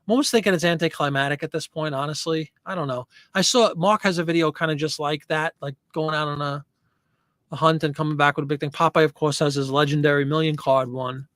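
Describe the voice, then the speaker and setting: A man's voice: fairly high pitch, steady tone, fast, a bit bright, dry recording, clean studio sound. A man hosting a casual live stream, chatting loosely and answering viewer comments as he rambles. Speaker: host.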